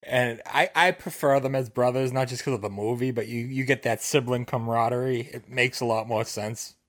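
A man co-hosting a casual podcast with friends. He states his opinions bluntly and sometimes stumbles over his words. His voice has an ordinary mid-range pitch. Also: fairly even intonation, brisk, a bit bright. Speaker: podcast co-host.

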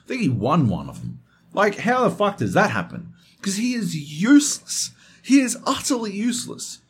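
A man's voice: sits high, huge pitch swings, moderate pace, husky. A man hosting a podcast in casual chat, swearing constantly and getting worked up as he tells a story. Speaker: podcast host.

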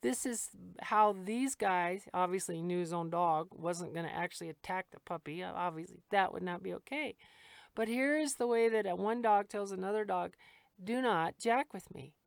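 Middle-aged lady dog trainer, gravelly voice, chatty and blunt, dry close sound. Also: on the low side, moderate pace, dry recording. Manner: frank, chatty, laughs easily while explaining. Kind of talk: casual explanatory talk.

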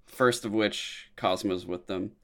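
A man's voice: fairly low pitch, fairly even intonation, takes it slowly. A young man in casual, profane chat about a movie, acting out quotes from scenes. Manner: laid-back, swears often, acts out quotes.

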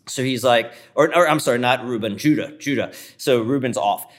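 A man's voice: medium pitch, moderate pace. A man preaching a sermon, retelling a scripture story in a vivid, conversational way.

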